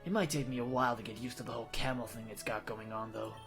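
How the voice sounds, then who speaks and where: A woman voicing a young trainer girl with a deliberately rough put-on Australian accent, talking low and a bit grumbling. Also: fairly even intonation, over music. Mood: unimpressed.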